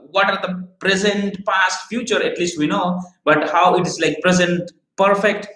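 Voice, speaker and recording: Running an energetic live recruiting training session, a middle-aged man from Odisha asks viewers rhetorical questions in a high-pitched, fairly bright voice. Odia is his native language, and his Indian English accent shows American influence. The sound is reverberant and rough.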